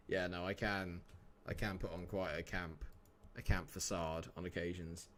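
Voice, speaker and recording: A man's voice: low voice, steady tone, moderate pace, fairly bright tone, a little hiss or hum. A man, chatting casually and joking with viewers while streaming a game. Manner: chatty, jokey, answers chat by name. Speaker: live-streamer. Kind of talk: casual live-stream chat.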